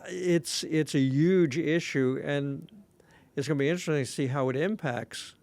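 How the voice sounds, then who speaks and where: A man co-hosting a podcast as political analyst, earnest and measured, with fillers. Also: on the high side, a little mellow, no echo. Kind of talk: casual podcast chat.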